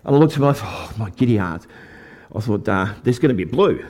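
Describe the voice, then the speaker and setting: With a lowish voice and a somewhat quick delivery, an older Australian man preaches to a live church gathering. The testimony sermon takes the form of a folksy faith story, and he stays lively with the crowd throughout.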